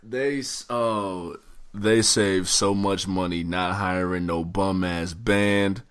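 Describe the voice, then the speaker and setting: A man co-hosting a podcast, reacting with loud laughter and profane disbelief in casual chat. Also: sits low, steady tone, slow, clean tone. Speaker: podcast co-host.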